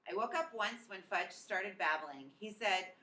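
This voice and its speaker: A woman's voice: mid-range voice, animated, unhurried, pushed and bright, recorded from a distance. Woman reading a storybook aloud, echoey. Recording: echoey room, off-mic.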